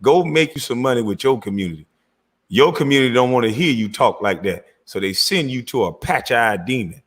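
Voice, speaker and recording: A man speaks in a mid-range voice, animated and fairly quick. He's a commentary channel host delivering a profane reaction rant, cursing, laughing loudly and mocking the clips he watches.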